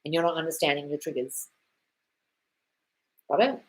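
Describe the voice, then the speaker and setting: An Australian woman coaches viewers on her live stream, speaking straight to them and answering their questions. Her low voice is expressive, with a breathy edge and a moderate pace. Blunt and sweary, she keeps calling people darling and often reads comments aloud before answering.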